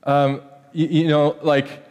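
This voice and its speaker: Joking pastor preaching in a reverberant hall. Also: male voice, fairly high pitch, slow pace, clean tone, dull audio. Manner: conversational, joking, animated with many restarts. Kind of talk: sermon. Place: church sanctuary. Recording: church hall with long reverb.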